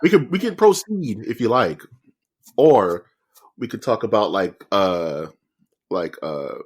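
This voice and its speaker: A man's voice: on the low side, big pitch swings, slow, breathy edge. A man co-hosting a podcast in casual chat, teasing and slangy, calling his friend dude and dog. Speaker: podcast co-host.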